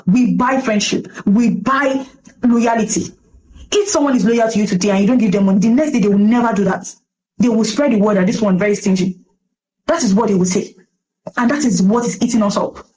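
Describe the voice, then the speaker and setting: Fast-talking Nigerian woman preaching urgently. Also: medium pitch, dark tone, low-quality recording. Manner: emphatic, preachy, urgent pleading. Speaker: commentator. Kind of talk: passionate social commentary.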